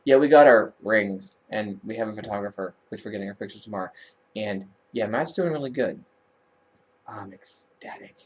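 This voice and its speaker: A woman vlogger telling a story in a casual, animated way and laughing as she talks. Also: a bass voice, normal speed.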